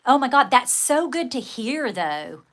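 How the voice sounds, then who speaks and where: A woman hosting a casual livestream, chatting with viewers in a rambling, animated way and acting out dramatic quoted outbursts. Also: high voice, measured pace. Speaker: livestream host.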